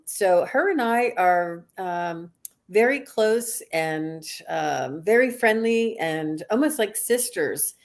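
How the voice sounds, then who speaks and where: A middle-aged woman, a guest psychic, tells a story casually with many fillers and restarts. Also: fairly low pitch. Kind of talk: casual storytelling on a live stream.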